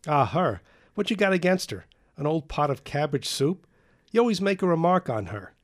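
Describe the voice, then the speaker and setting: A man voicing a gruff, nosy male building janitor who scolds loudly. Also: fairly high pitch, big pitch swings, moderate pace, voice pushed up. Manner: blunt, scolding, loud.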